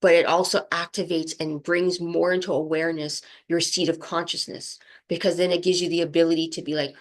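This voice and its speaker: Gravelly low-voiced woman guiding an energy talk. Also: level tone, brisk, hardly any pauses. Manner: soft, flowing, says "right?" often. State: emotional, near tears. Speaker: spiritual channel host.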